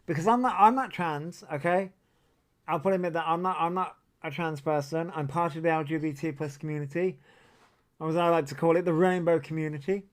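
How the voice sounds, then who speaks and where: A man hosts a casual livestream, his voice sitting a little high. He drifts from one tangent to the next and drops plenty of swear words along the way. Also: brisk. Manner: rambling, tangential, swears often. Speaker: livestream host. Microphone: desk mic that picks up a lot.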